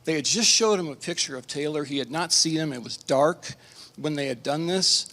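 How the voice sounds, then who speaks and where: A middle-aged man, a pastor, telling a personal testimony at a conference, earnest and emotional, with halting restarts. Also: on the high side, sharp tone. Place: conference hall. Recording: reverberant conference hall.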